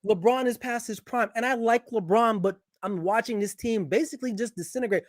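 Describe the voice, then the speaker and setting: Talking sports casually as a guest, a man with a strikingly high voice speaks a little fast and gets animated and opinionated. His sentences often start over as he works toward a point. There's no room echo, just dry, close sound.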